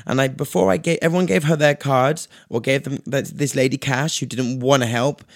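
A man tells a story in lively, casual conversation and swaps into voices for the people he describes. His voice is mid-pitched and the sound is close and dry, with no room around it. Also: fairly quick, no room sound. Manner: animated, acts out the other people's voices in his stories.

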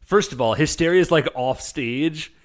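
A man co-hosting a casual chat, retelling a show with lively voiced quotes. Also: on the high side. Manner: animated storytelling with quick voiced quotes. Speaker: podcast co-host recapping a show.

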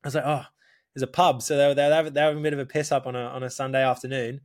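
A man's voice: medium pitch, flat delivery, rapid-fire. A young man, a podcast guest, telling a story casually, laughing and swearing as he quotes people.

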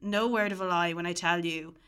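A young Irish woman with a bright, forward voice and a nose a little blocked from hay fever. She tells stories in a chatty, animated way, full of fillers, while co-hosting a podcast. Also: lowish voice, fairly quick, smooth. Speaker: podcast co-host. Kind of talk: casual chat.

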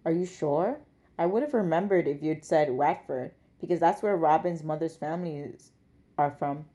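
A woman reads aloud as a grown academic daughter talking to her father, brisk and fondly chiding. The voice sits slightly low and stays close to the reader's own. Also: dark tone, close to an everyday voice. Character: grown daughter, an academic, fond but exasperated.

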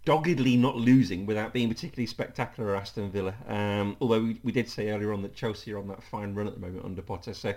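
A man's voice: fairly low pitch, quick pace, hardly any pauses, a little mellow. A man hosting a casual podcast chat. He is chatty and laughs often. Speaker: podcast host.

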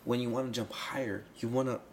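A man's voice: medium pitch, steady tone, fast talker, slight background noise. A man in casual conversation explaining soccer rules, rambling and restarting phrases, with emphatic bursts. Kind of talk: casual chat.

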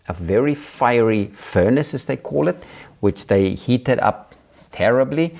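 A man with a lowish voice preaches to his audience as the host of his own show. He speaks emphatically and keeps returning to pointed rhetorical questions. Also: a little mellow.

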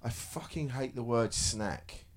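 A man's voice: medium pitch, a little slow. A man on a live comedy panel, blunt and grumbling, swearing about things he dislikes. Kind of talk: live panel show banter. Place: live comedy venue stage.

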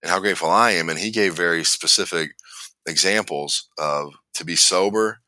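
Low-pitched and sharp-toned at a moderate pace, this podcast host rambles through a long personal story, frequently starting over and laughing along the way. It's casual storytelling chat, recorded dry.

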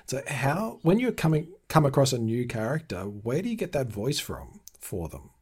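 A man with a husky, slightly breathy voice hosts a casual interview. He asks his questions eagerly and tends to gush about what he likes. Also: mid-range voice, sing-song, moderate pace, a little mellow. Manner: enthusiastic, gushing questioner. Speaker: podcast host, interviewer.

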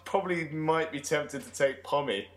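A man's voice: on the high side, moderate pace, background noise. A man co-hosting a cricket podcast, chatting casually, laughing easily and rambling a bit. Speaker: podcast co-host. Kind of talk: casual chat.

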